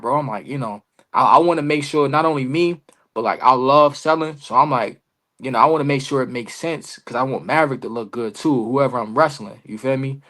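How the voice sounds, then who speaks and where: With a medium-pitched, fairly bright voice, this wrestler, a podcast guest, spins stories casually in slangy talk. He acts out both sides of old conversations, keeping it loose and peppered with "bro" and "you feel me" throughout the casual storytelling interview.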